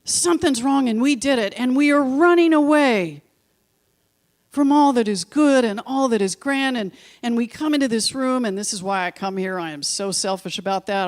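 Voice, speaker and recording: A woman minister giving a sermon in a church, telling stories with slow, emphatic repetitions and chatty asides to her congregation. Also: medium pitch. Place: church sanctuary.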